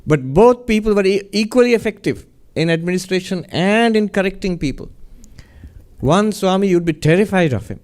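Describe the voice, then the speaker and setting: A man, a monk, giving a spiritual talk in a gentle, reflective storytelling manner, often chuckling. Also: high voice, expressive, normal speed.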